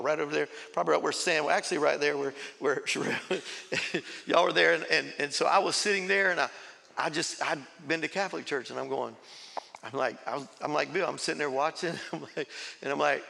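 A man preaches his testimony to a congregation, breaking into laughter and acting out voices as he goes. His voice sits a little high, with a bright, gravelly edge. It carries through the long reverb of a big church sanctuary. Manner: storytelling with laughs and acted quotes. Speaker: pastor. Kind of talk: sermon testimony.

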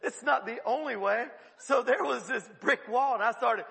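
A man preaching a sermon, telling a funny story in an animated way and often laughing mid-sentence. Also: very high-pitched, moderate pace, vocal fry, big-room sound. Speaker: pastor.

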